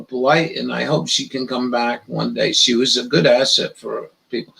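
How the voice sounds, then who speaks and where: A man hosting a casual live stream, rambling in a profane, halting way with lots of restarts. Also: mid-range voice, vocal fry, a bit bright, poor audio.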